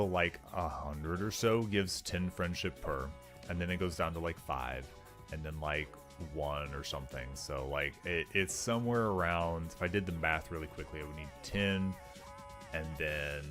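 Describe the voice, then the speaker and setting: A man's voice: low voice, fairly bright tone. A man streaming a game, talking casually and rambling with frequent laughs. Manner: rambling, chatty, laughs often, lots of fillers. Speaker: let's play streamer. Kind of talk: casual let's-play commentary.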